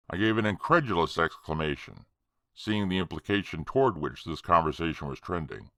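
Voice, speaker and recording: A man reading a horror story aloud in a slow, measured way. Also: a bass voice, expressive, sharp tone, no echo, studio quality. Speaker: audiobook narrator. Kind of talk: scripted horror narration.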